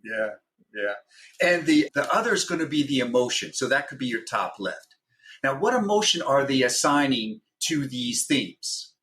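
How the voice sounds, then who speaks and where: A man's voice: medium pitch, lively intonation, moderate pace, fairly bright tone. A man guest on a podcast, a former hostage negotiator, explaining a method step by step and often checking in with "right?". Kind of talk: explaining, instructive podcast talk.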